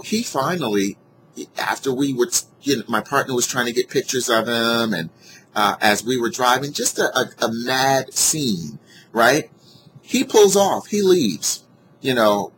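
A man casually telling a personal story to his viewers, earnest and heartfelt, animated when he retells what people said. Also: mid-range voice, slight background noise, low-quality recording. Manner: animated, acts out quoted dialogue in a raised voice; earnest and heartfelt about gratitude. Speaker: vlogger sharing a personal story.

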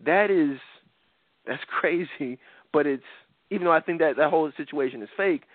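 A man's voice: a little high, normal speed, no echo. A man hosting a talk show, giving blunt, rambling opinions in casual commentary and often repeating his words. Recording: tinny phone-like audio.

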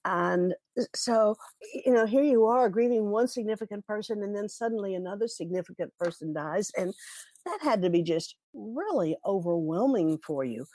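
A woman hosting an interview, speaking in a calm, supportive and measured way. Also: mid-range voice, dry recording. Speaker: host.

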